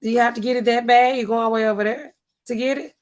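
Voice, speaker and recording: A talkative young American woman hosting a livestream. She chats loosely and speaks straight to her viewers in a relaxed, everyday way. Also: fairly high pitch, quick pace. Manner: chatty, addresses viewers directly. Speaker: livestream host. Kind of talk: casual livestream talk.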